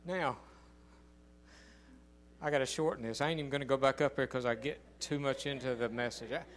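An older man preaching a sermon, telling a folksy story with emphatic, drawn-out phrases. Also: mid-range voice, fairly even intonation.

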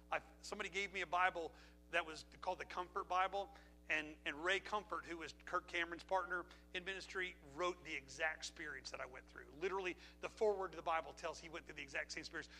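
High, bright-voiced preaching pastor. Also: male voice, slight background noise. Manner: animated preaching with laughs and asides. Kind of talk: sermon. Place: church sanctuary. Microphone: handheld or pulpit mic.

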